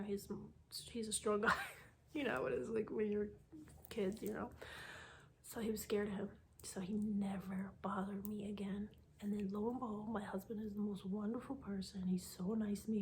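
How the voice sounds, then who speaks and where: A woman around forty telling a personal faith testimony in a soft, often half-whispered voice, halting with many fillers. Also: medium pitch, slight background noise. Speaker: vlogger sharing a faith testimony.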